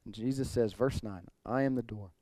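Preaching an expository sermon, a male pastor speaks with earnest conviction, his emphasis rising toward emphatic points as he occasionally clears his throat. The mid-range, dark voice moves at a moderate pace in a dry recording.

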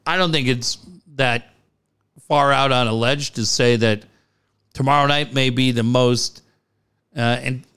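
A man's voice: medium pitch, unhurried, long pauses, smooth. A man co-hosting a casual sports talk show, joking and swearing freely. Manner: animated, profane, joking. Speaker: co-host. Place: garage studio.

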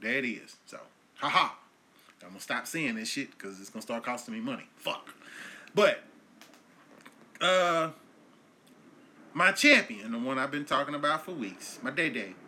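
A man in his thirties hosts his own comedy show in a loud, swaggering rant. His voice is strikingly bright and cutting, at an ordinary pitch for a man. He drops into low, muttered asides, then bursts back out yelling. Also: expressive, normal speed, long pauses, slight background noise. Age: 30s. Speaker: podcast host. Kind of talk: profane comedic monologue.

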